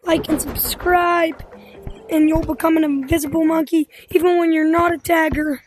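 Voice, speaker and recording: Young woman, very high-pitched, chatty gameplay commentary, filler-heavy, headset mic. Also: fairly even intonation, moderate pace, a little mellow. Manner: chatty, rambling, lots of fillers. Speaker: gaming YouTuber.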